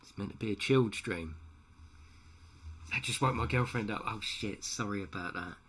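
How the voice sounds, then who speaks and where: A man with a somewhat low, slightly bright, husky voice talks at a normal pace over a headset. He's livestreaming from a room at home at night while painting a model, chatting casually with viewers, cracking jokes and laughing a lot.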